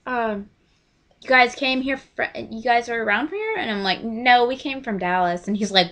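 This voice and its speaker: Bright, gushing young woman storyteller. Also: fairly high pitch, lively intonation, normal speed. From Texas. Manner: gushing, breathless, acts out quoted voices. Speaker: vlogger. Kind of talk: excited storytelling.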